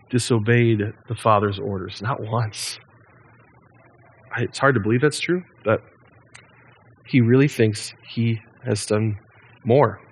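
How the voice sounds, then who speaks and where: A man in his thirties, a pastor giving a sermon in a relaxed, conversational way with frequent ums and restarts. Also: mid-range voice, breathy edge.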